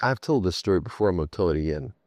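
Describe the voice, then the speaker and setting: Brief: male preacher with a very deep voice, sermon with repeated emphatic phrases. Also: lively intonation, racing, a little mellow, no echo. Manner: storytelling, emphatic repetition.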